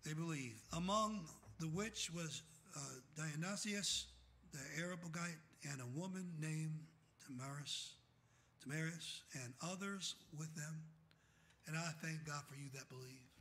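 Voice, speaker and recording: A middle-aged pastor preaching in a high, bright, ringing voice. He pauses mid-verse to ask the congregation to finish it. He swings from full-throated shouting to hushed, tender asides. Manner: calls out "what?" for the congregation to fill in scripture; swings from shouting to soft and quiet. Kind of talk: fiery sermon.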